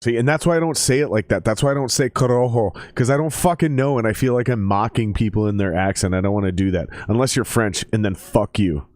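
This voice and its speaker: A man chatting casually on a live stream while watching football, loose and profane, jumping into excited play-by-play. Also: lowish voice, fast talker, few pauses, no room sound, clean studio sound. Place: table at home.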